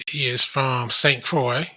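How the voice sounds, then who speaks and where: A man's voice: mid-range voice, steady tone, takes it slowly, bright, forceful tone. A man hosting a commentary show, casually reading web pages aloud with blunt asides. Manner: blunt, reads aloud from screen, frequent asides.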